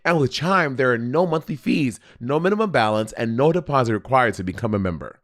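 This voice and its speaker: A man's voice: medium pitch, lively intonation, fairly quick, fairly bright tone. A man in his thirties co-hosting a podcast, reading sponsor ads in a loose, slangy way. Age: 30s. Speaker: podcast co-host. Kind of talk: casual ad read.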